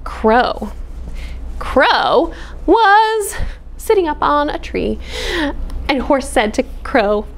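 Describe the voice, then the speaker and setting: A woman, a children's librarian, reading a picture book aloud in an expressive, sing-song way. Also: high voice, very slow, pauses often.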